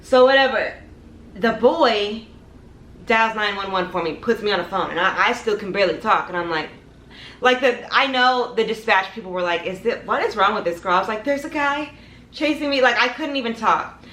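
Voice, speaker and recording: A woman's voice: medium pitch, normal speed. A young woman telling a dramatic personal story to her viewers, talking to them directly and acting out the scenes. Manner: animated, dramatic storytelling, addresses viewers as y'all. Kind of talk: storytime vlog. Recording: echoey room.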